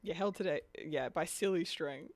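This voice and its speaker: A woman's voice: deep voice, moderate pace, no room sound. A young woman streaming a game and chatting casually, laughing often and dropping lots of "like" and "dude". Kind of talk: casual chat while gaming.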